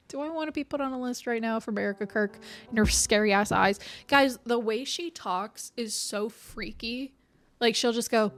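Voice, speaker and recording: A woman's voice: on the high side, normal speed. Young woman, streamer, casual chat, rambling, profane, laughs a lot, faint background music. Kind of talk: casual chat while playing a game.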